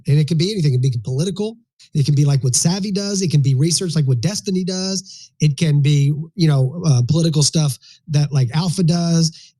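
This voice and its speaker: A man's voice: on the high side, warm tone. A man with a Southern US accent co-hosting a live audio chat, joking and rambling bluntly. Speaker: co-host of a live audio room. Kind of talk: casual chat.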